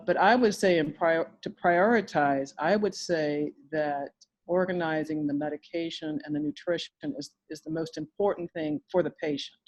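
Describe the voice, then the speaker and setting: Middle-aged woman, caregiver guest; earnest, measured advice with slowed emphasis. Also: deep voice, darkish tone, muffled recording. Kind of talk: conversational advice in an online talk.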